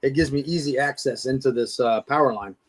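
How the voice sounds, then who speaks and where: A man's voice: mid-range voice, fairly quick. A man guest telling his encounter story in a casual interview, with a lot of stammering restarts and laughing at himself. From Florida. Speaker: Bigfoot investigator guest.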